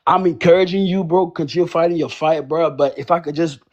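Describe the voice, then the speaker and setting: A man gives a quick rebuttal in a live online debate, stammering and tossing in "bro" and "man" at every turn. His voice sits a bit high. The audio is dull and lo-fi. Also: steady tone, darkish tone. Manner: fast, stammering, peppers speech with "bro" and "man". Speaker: debate participant.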